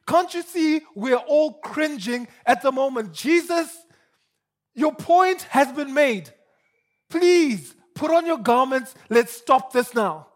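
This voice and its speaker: A man's voice: extremely high pitch, animated, takes it slowly, pitched above the performer's own voice, full character voice. A man playing an exasperated, pleading disciple. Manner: urgent, pleading, rising emphasis. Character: exasperated male disciple pleading with his teacher.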